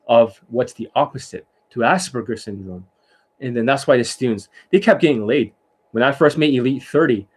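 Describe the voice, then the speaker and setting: A man's voice: mid-range voice, darkish tone, slightly rough. Man, dating coach, casual lecture, blunt, swears a lot, rhetorical questions. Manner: blunt and profane, keeps checking in with rhetorical questions. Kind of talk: casual instructional talk.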